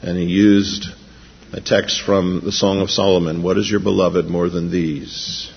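A male pastor delivers an animated sermon, his voice lifting when he quotes scripture. His voice sits low with a husky edge. The recording is dull and lo-fi, with long reverb from a large church sanctuary. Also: a little slow. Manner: animated preaching, raises voice when quoting.

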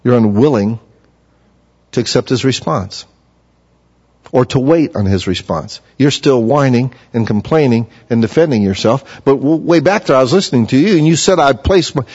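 A man preaching a sermon in an earnest manner, his pitch climbing when he speaks for the figures he quotes. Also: darkish tone, husky. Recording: muffled sound in a reverberant hall.

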